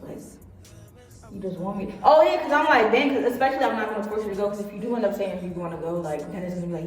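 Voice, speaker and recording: A woman's voice: medium pitch, rapid-fire. A young woman tells a personal story, rambling and full of fillers, sometimes acting out what others said. She sits far from the mic in a very echoey room with a long reverb. Faint music plays behind her. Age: young adult. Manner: rambling, filler-heavy, acts out quotes. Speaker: vlogger. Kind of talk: casual storytelling.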